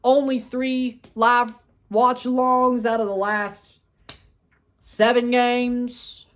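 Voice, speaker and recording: A man hosting a soccer review video, ranting and scolding in repeated short bursts, with loud outbursts and low grumbling. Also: flat delivery, slow. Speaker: soccer fan video host. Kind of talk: post-match review rant.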